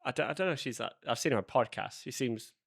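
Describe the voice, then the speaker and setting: A young British man co-hosting a podcast, talking in a loose, rambling way. He keeps breaking into quick impressions of other people. His voice sits at an ordinary middle pitch. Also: vocal fry. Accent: British English. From England. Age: young adult. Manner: rambling, animated, slips into mimicking others. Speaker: podcast co-host. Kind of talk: casual chat.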